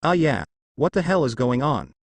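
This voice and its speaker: A relaxed, joking young gunman, as a man reading the story puts him on. He drawls casually with a lively swing in pitch. The voice sounds dry and close. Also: normal speed, no echo. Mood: laid-back. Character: laid-back cocky young male sharpshooter.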